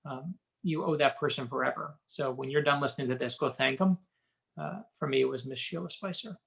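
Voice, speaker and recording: A middle-aged man, an author being interviewed, telling personal stories in an animated, anecdotal way. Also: mid-range voice, brisk, vocal fry. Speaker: author guest. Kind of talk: interview storytelling.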